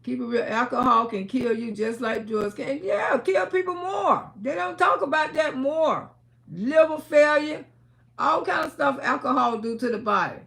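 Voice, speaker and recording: Livestream host, woman, high and gravelly, emphatic storyteller. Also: normal speed. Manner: emphatic, swings between hushed and shouting.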